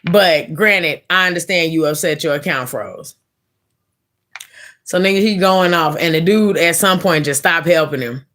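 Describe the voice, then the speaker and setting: A woman live streamer casually telling a story in a blunt, profane, animated way. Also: on the low side, measured pace.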